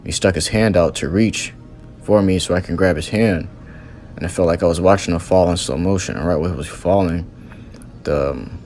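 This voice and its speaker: A man's voice: sits low, darkish tone. A man earnestly recounting a religious vision as a testimony, in loose storytelling with many fillers.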